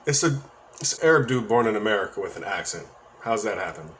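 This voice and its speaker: A man's voice: fairly low pitch, lively intonation, fast, a bit bright, slight background noise. A man telling a story from his own life in a casual, rambling monologue, with profanity and joking asides.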